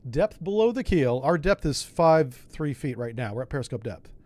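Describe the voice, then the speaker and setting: A man's voice: on the high side, big pitch swings, moderate pace, a little mellow. A man giving casual commentary as he plays a submarine game, talking himself through each step in a folksy way with asides. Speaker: streamer playing a submarine game.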